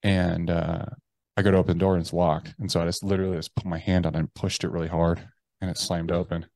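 Deep-voiced man telling a raw story. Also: little pitch movement, fast, a little mellow, dry recording. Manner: casual and profane, heavy use of "like" and "bro". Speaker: interview guest, army veteran. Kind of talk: casual personal storytelling.

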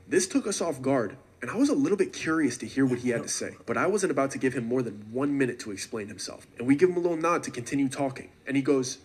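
A man telling a suspenseful first-person story in a steady narrating voice. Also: medium pitch, brisk, few pauses, husky.

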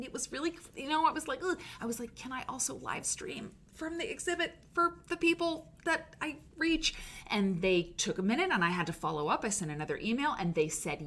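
A woman hosting a live stream show, chatting excitedly and rambling with lots of fillers. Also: medium pitch, a little hiss or hum. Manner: gushing, animated, rambling with many fillers.

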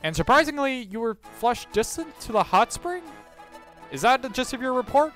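A player putting on a shrill, fussy bird boss. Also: very animated, moderate pace, fairly bright tone, soft background music. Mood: excited. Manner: shrill, emphatic exclamations. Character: fussy excitable bird, a strict manager. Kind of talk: fan dub of a game playthrough.

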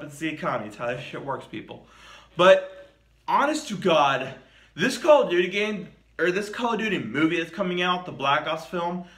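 A man's voice: fairly high pitch, pushed and bright, echoey room. A man giving a casual, rambling, profane video review of a game as host of his channel.

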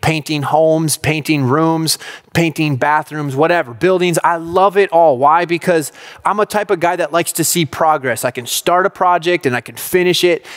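A man in his thirties preaching a youth sermon, telling a personal story with lively quoted outbursts and direct appeals to his listeners. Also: a little high. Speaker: youth pastor.

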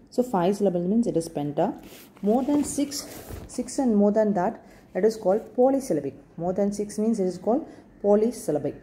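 A woman teaching an English lesson in an Indian English accent. She speaks slowly, repeats words and spells them out letter by letter. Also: medium pitch, animated, warm tone. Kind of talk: recorded classroom lesson.

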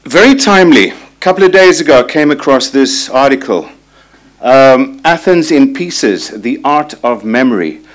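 A man's voice: medium pitch, lively intonation, normal speed. A man in his sixties giving a reflective conference talk, telling personal stories and reading quotations aloud. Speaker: conference speaker. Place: conference hall.

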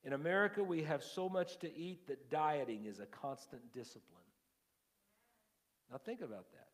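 A male pastor preaching a sermon. His volume swings from hushed asides to loud, emphatic lines, and he often repeats and restarts his words. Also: on the high side, moderate pace. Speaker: lead pastor. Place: church sanctuary. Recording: long hall reverb.

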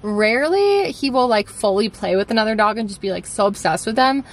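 A young woman chatting casually to her viewers at home as a lifestyle vlogger, relaxed and full of "like" fillers. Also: a little high, a little fast. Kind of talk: casual chat. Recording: steady background noise.

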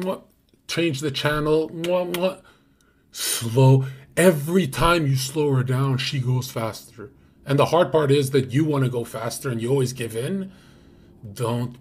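Husky-voiced male streamer, brash casual chat with sudden hushed asides. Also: medium pitch. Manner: brash, crude, drops into hushed whispers. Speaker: streamer host. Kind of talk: casual livestream talk.

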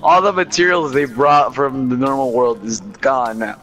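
Easygoing young man gamer, mid-pitched. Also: normal speed, a bit bright. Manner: easygoing, laughs often. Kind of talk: casual multiplayer game chat.

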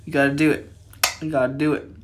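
Jumpy, slow-talking gamer narrating a horror game. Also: medium pitch, animated, noisy background. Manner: jittery, keeps exclaiming in fright. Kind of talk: let's-play commentary.

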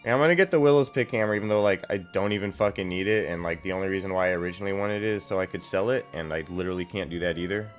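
A man streaming a video game, talking in a rambling, profane way full of fillers as he plays. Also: fairly low pitch. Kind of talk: casual gameplay commentary. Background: faint game music.

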